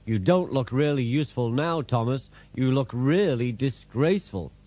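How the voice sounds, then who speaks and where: A man's voice: mid-range voice, sing-song, a little slow, dark tone, husky. A man voicing a cheeky, chuckling little engine. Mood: teasing. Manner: chuckling, teasing. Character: cheerful teasing young male engine. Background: music.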